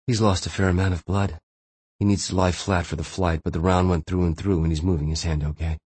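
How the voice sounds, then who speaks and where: A man voicing a calm, matter-of-fact woman who is a former navy medic, reassuring her patient. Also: sits low, brisk, breathy edge, no echo.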